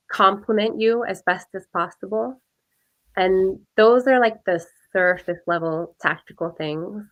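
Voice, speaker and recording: A woman speaking as a guest coach, giving clear, practical advice in a measured way. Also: medium pitch, fairly bright tone. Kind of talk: advice in an interview.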